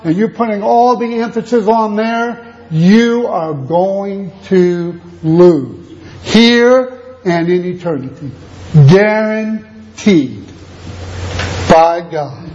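Guy preaching a sermon, pretty high voice, hammers points with repetition, kinda muffled lo-fi audio. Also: a little mellow. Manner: emphatic, repetitive preaching cadence.

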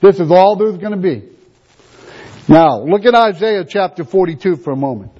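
A man's voice: high-pitched, animated, moderate pace, dark tone, slightly rough. A man preaching a sermon, emphatic, reading scripture and repeating rhetorical questions. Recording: dull lo-fi recording.

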